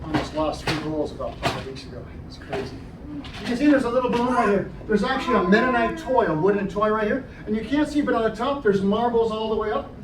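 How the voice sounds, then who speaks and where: His voice sits high and moves fast as he entertains library-goers with juggling, mixing jokes with step-by-step explanations of each trick. Filmed from the audience in an indoor program room, the live show audio is distant, roomy and full of crowd noise.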